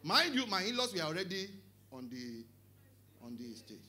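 Fiery Nigerian pastor with a bright voice. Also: male voice, fairly high pitch, moderate pace. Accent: Nigerian English with Yoruba. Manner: animated preaching, often shouting, mixing in Yoruba, joking with the congregation. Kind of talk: sermon.

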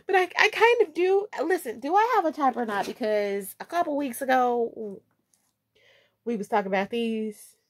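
A woman's voice: fairly high pitch, no room sound. A young woman vlogger gushing and chatting playfully while unboxing shoes. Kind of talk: casual unboxing vlog.

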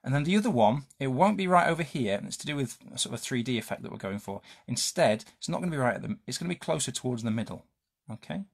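A man talks children through a drawing lesson in a playful, chatty way, tossing out questions and goofy sound effects. His pitch bounces around a lot, and his voice has a slightly husky edge. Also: animated, fast. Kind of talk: live drawing lesson for kids.

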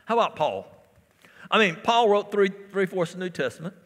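High, bright-voiced preacher. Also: male voice, lively intonation, brisk, long reverb tail. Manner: preaching with repetitions and call-outs to the congregation. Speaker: pastor. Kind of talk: sermon. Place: church sanctuary.

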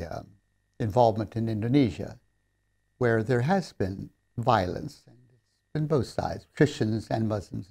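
Gravelly-voiced man giving a lecture. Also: lowish voice. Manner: earnest storyteller, warmly emphatic on key lines. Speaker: seminary lecturer. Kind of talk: recorded seminary lecture.

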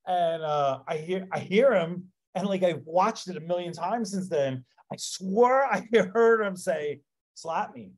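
A man being interviewed as a guest, telling stories in a casual, animated way with lots of "like" fillers. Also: high-pitched, measured pace, hardly any pauses. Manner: animated, filler-heavy with frequent "like". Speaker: interview guest, pro wrestler. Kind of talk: casual anecdotal storytelling.

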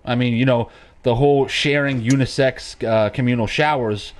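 A man's voice: medium pitch, steady tone, moderate pace, slight background noise. A man hosting a horror game video, rambling and joking nervously as he plays. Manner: rambling, jokey, jumpy and nervous. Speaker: gaming video host. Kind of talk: casual let's play commentary.

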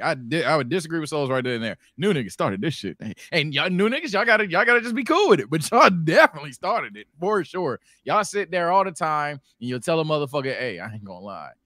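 Man, podcast co-host, casual profane debate, very lively intonation, dry close sound. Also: on the high side, dry recording. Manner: animated, swings between mumbling and loud outbursts; profane, slangy.

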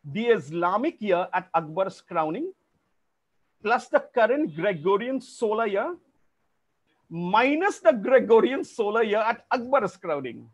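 A man's voice: high voice, very animated, unhurried. A man hosting an online family quiz over a video call, formal and polite, calling players sir. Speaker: quizmaster.

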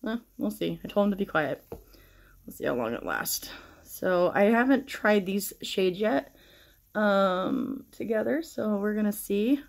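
A middle-aged woman chatting casually through a makeup tutorial, rambling and swearing freely while shaken and stressed. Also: medium pitch. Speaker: makeup vlogger.

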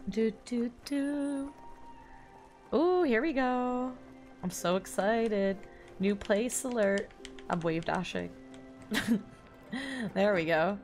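A young woman chatting casually as she plays a video game, fretting aloud and humming along. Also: medium pitch. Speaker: let's play streamer. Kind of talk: casual gameplay commentary.

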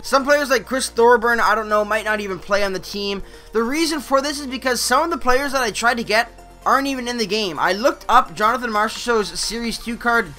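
On his gaming channel, a young man casually narrates his own hockey game live, swinging between loud outbursts and low mutters.

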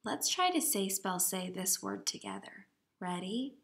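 A woman's voice: medium pitch, wildly swooping pitch, measured pace. A woman teaching young children, reading a simple story aloud and sounding out words letter by letter. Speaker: kindergarten teacher. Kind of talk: slow read-aloud lesson for young children.

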